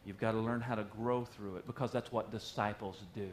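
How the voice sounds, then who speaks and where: A man's voice: fairly low pitch, steady tone, fairly quick, slight background noise. A male pastor preaching a sermon in a conversational, joking way. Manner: conversational and joking, acting out quotes.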